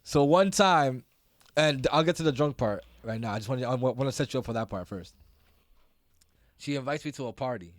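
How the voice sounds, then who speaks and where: A man's voice: medium pitch, expressive, fairly quick, no room sound, clean studio sound. A man hosting a podcast, telling a loose, profane story and laughing often. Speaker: podcast host. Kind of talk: casual chat.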